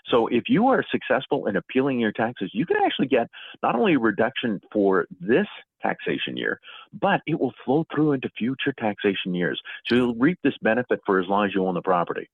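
A middle-aged man, a guest author, explaining property appeals in a measured way with frequent fillers, calling in to a talk show. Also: mid-range voice, sing-song, gravelly, husky, no echo. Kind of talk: radio talk show interview. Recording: tinny phone line.

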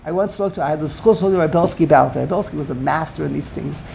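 An emphatic woman leads a Torah class, wandering from point to point and scattering Yiddish and Hebrew terms through her talk. Her voice sits on the low side, with a faint hiss behind it. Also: racing, vocal fry, mellow. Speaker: Talmud teacher.

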